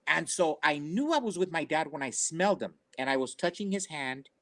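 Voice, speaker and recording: An older man tells family stories in an earnest, rambling manner, circling back and repeating himself as he goes. His voice sits slightly on the high side. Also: animated, fairly quick, a bit bright. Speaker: storyteller on a family talk show. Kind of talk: casual personal storytelling.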